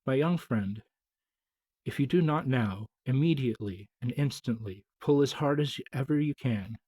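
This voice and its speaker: A grand, wordy python snake from a storybook, formal and pompous in every phrase, as a man puts him on. The voice is warm, dark and husky. It is recorded dry and close. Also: mid-range voice, moderate pace, no echo, close to an everyday voice. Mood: formal, urgent.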